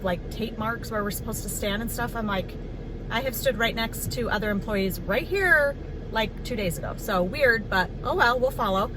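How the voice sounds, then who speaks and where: Chatty woman vlogging over traffic noise. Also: on the high side. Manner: chatty, expressive, many fillers. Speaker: nursing home worker. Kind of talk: casual vlog storytelling.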